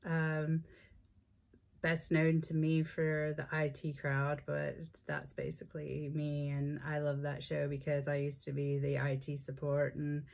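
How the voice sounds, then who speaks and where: A woman's voice: deep voice, vocal fry. A woman, chatting enthusiastically to camera about books, with plenty of ums and restarts. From American South. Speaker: book vlogger. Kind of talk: casual chat to camera.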